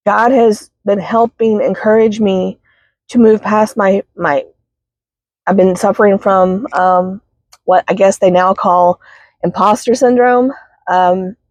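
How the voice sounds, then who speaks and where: A woman's voice: mid-range voice, a little mellow, no room sound. Woman, teary vlogger, hesitant and filler-heavy, dull dry car-phone sound. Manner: halting, many fillers and apologies. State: teary, sniffling. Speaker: spiritual healing vlogger. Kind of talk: casual heartfelt vlog. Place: parked car.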